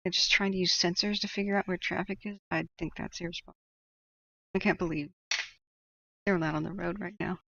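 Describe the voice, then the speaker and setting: Woman streamer with a husky-edged fry, casual and opinionated as she reads chat, on a muffled mic. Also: lowish voice, fairly even intonation, a little fast, long pauses, background noise. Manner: opinionated, chatty, laughs often. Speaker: livestream host reading chat.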